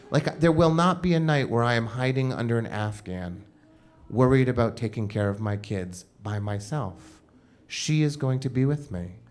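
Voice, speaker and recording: A man telling a personal story on stage at a live show, casual and comic, with frequent "like" fillers. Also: medium pitch. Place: live show at a club venue.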